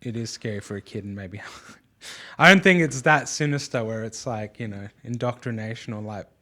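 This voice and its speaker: A man's voice: medium pitch, moderate pace, bright, forceful tone. A man and father hosting a podcast, talking casually and rambling with lots of fillers and restarts. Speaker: podcast host.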